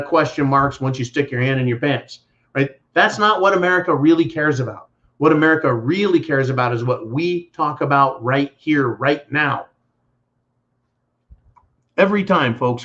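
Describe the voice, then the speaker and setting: A livestream host rants bluntly and profanely while reading viewer messages. His voice is a little high with a fairly bright tone, captured in dull, lo-fi stream audio.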